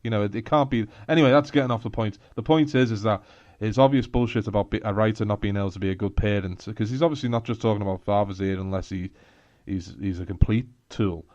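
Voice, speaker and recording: A man's voice: lowish voice, fast talker, darkish tone, dry recording, highs cut off. A man with a Scouse accent co-hosting a podcast in casual chat, blunt and laughing, with sweary asides. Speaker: podcast co-host.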